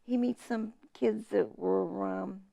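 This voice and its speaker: A woman chatting as an interview guest, her voice heavy with gravelly fry. She tells stories in an animated way, slipping into the voices of the people she quotes. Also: mid-range voice, takes it slowly. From Massachusetts. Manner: animated storyteller, quotes family in lively voices. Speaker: author guest. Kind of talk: casual interview chat.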